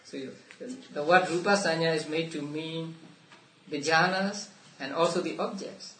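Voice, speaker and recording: A man teaching a Buddhist text to a study class, explaining slowly with restarts and soft laughs. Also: fairly high pitch, fairly even intonation. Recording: roomy, distant mic, faint room noise.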